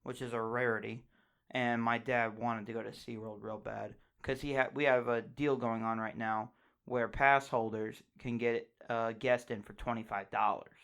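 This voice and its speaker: A young man co-hosting a casual podcast, with a crude, joking way of telling stories. His voice sits at an ordinary middle pitch, and he talks in a loose, offhand manner. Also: steady tone, normal speed, vocal fry, fairly bright tone, smooth. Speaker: podcast co-host.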